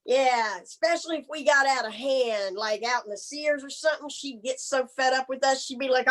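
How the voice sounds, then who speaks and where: A woman's voice: sits high, moderate pace, hardly any pauses, a bit bright, low-quality recording. A woman doing bawdy stand-up comedy in a brassy, folksy manner, drawing out her punchlines. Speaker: stand-up comic. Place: comedy stage.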